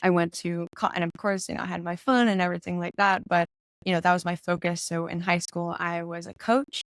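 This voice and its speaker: A young woman talks through her story as an interview guest, chatty and quick to laugh, slipping into the voices of the people she quotes. Her voice sits low and has a gravelly fry to it, and the sound is dry and close. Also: little pitch movement, dry recording. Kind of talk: casual interview conversation.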